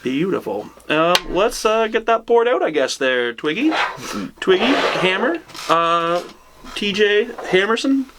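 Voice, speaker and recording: A man hosting a casual whiskey tasting, joking around and reading tasting notes slowly. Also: high-pitched, sing-song, very noisy. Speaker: show host.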